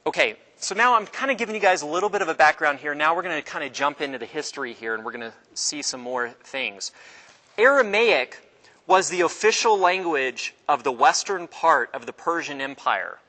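A man teaching a class in a relaxed, halting way, with many fillers and restarts. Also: a little high, rough recording. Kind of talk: informal classroom lecture.

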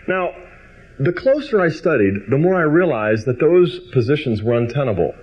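A man teaching through a Bible passage, his pitch swinging up and down with real animation. He reads the verses slowly and deliberately, then speeds up as he explains. The recording sounds dull and lo-fi. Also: expressive, darkish tone.

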